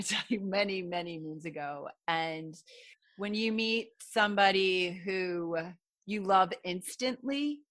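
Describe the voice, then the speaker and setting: A woman's voice: lowish voice, sharp tone, no room sound. A woman hosting a chat show who gushes with emotion and laughs easily while introducing an old friend. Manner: gushing, effusive, quick to laugh. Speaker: podcast host. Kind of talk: emotional, warm-hearted chat.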